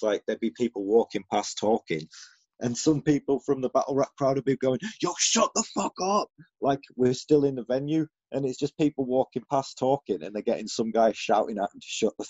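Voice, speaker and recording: Man, from the UK, husky low voice, sweary, casual storyteller, dull dry recording. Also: moderate pace, mellow, dry recording. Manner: sweary, laid-back, storytelling. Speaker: guest, battle rapper. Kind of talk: casual interview chat.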